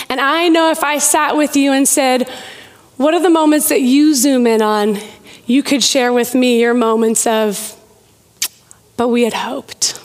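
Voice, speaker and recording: Woman preacher w a high voice, slow easy sermon, chatty little jokes. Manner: personal storytelling, playful asides.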